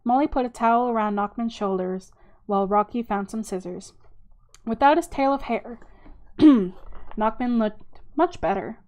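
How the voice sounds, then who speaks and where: Woman reading a novel aloud, unhurried. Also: a little high, a little mellow. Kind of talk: casual read-aloud narration.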